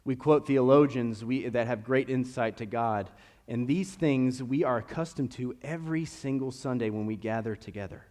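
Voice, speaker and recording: A man's voice: mid-range voice, moderate pace. A young man from Kentucky with a slight Kentucky accent, preaching a conversational sermon full of storytelling. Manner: storytelling, conversational with animated rises. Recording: long reverb of a church hall.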